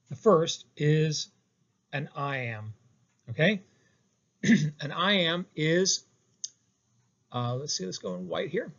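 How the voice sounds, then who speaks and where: A man's voice: medium pitch, a bit bright, lo-fi sound. A man teaching poetic meter in a recorded lecture, explaining step by step with many fillers and restarts. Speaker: poetry instructor.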